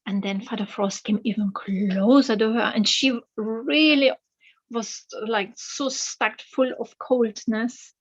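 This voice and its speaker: A woman retells a fairy tale at a slow, thoughtful pace, pausing with fillers. Her voice sits a bit high. The recording sounds slightly muffled. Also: fairly even intonation, breathy edge. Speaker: author and storyteller.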